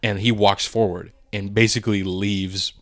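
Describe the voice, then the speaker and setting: A man's voice: lowish voice, level tone, moderate pace, fairly bright tone. A man co-hosting a podcast, chatting casually and animatedly through a movie spoiler review, laughing often and acting out quotes. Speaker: podcast co-host.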